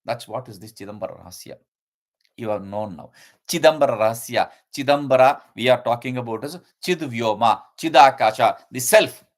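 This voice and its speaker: Man, teacher, scripture commentary, explanatory, repeats key words, hesitant fillers, mid-pitched voice. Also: brisk.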